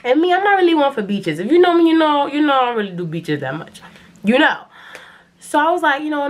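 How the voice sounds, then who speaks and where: New girl in her 20s doing a storytime, kinda high voice, super bouncy and dramatic. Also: fast talker. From New York City. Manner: animated, dramatic storytelling with acted-out quotes. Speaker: vlogger. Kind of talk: casual storytime.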